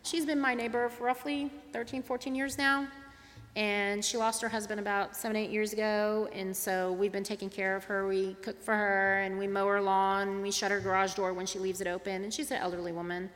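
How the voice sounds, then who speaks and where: This middle-aged woman from Tulsa, Oklahoma, shares a personal story as an interfaith advocate, animatedly acting out each bit of dialogue. She has a medium-pitched voice, talks a little fast, and her words trail off into a long reverb tail.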